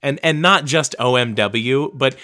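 Young man, bright voice, mid pitch, casual rambling host, swears a lot, self-mocking. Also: unhurried. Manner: chatty, profane, self-mocking. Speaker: podcast host reading books aloud.

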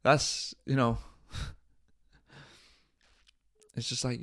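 A man's voice: medium pitch, measured pace, vocal fry, pauses often. A man hosting his own podcast, talking bluntly and profanely in a casual, exasperated rant. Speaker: podcast host.

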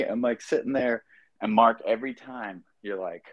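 A man with a low voice tells rambling, profane stories in a casual podcast chat. He fills his talk with ums and likes, and the sound is dry and close. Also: fairly even intonation, normal speed, dry recording, muffled recording. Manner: loose, profane storytelling with many fillers. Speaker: podcast co-host.

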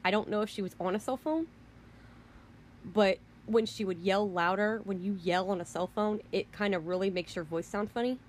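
A woman's voice: medium pitch, normal speed, a little hiss or hum. A woman vlogger delivering a rant, emphatic and rambling, who keeps repeating herself. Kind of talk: ranting monologue.

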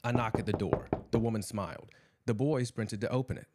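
A man's voice: fairly low pitch, fairly quick, noisy background. A man hosting a sports podcast, chatting casually and then narrating a spooky story. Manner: upbeat and chatty. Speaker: host.

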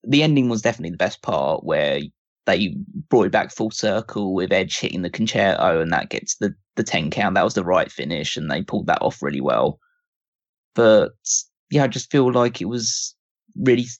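A man on a podcast talks through his opinions in a critical, meandering way, with plenty of fillers. His voice is on the low side. The recording is dull and lo-fi, with a dry sound. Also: moderate pace, no room sound. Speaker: podcast co-host. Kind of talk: casual podcast chat.

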